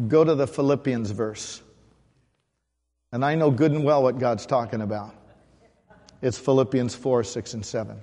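A man's voice: medium pitch, a little mellow. A man preaching a sermon as pastor, in a conversational way, often asking the congregation questions. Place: church sanctuary. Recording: long hall reverb.

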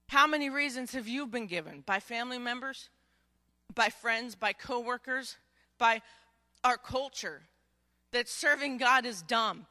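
A woman pastor preaching a sermon in a conversational, joking manner, acting out stories with lively emphasis and frequent restarts. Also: mid-range voice, no echo, studio quality. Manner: animated storytelling, acting out quotes with rising volume; frequent word repetitions and restarts.

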